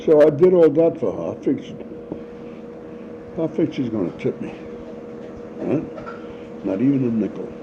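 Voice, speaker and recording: In a dull, lo-fi home recording with faint noise, an older interviewee with a mid-range voice tells stories a little slowly, leaving long pauses. He's animated, imitating the people he describes and laughing a lot.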